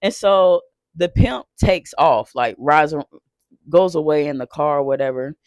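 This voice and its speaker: A man telling a painful personal story off the cuff, emotional and halting, swearing and restarting often. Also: fairly high pitch, lively intonation, dry recording, studio quality. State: shaken while recounting.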